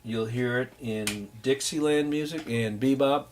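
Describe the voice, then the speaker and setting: A man teaching a music class, loosely explaining jazz rhythm and scatting and humming the patterns to demonstrate. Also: medium pitch. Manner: scats and hums rhythms to demonstrate; unhurried, loose, with many fillers. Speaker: music instructor. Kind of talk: recorded lecture.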